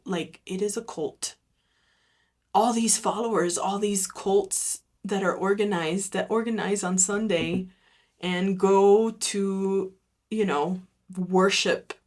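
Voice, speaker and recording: A woman hosting her own podcast, talking through her views in a candid, reflective monologue full of "like.". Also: medium pitch. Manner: candid and unfiltered, leans heavily on "like"; reflective, talks through her thoughts aloud. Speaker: podcast host. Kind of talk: casual solo podcast monologue.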